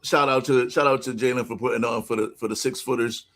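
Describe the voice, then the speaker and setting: A man co-hosting a casual sports talk show, speaking in loose slang and giving shout-outs. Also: mid-range voice, fairly even intonation, fast. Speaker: podcast co-host.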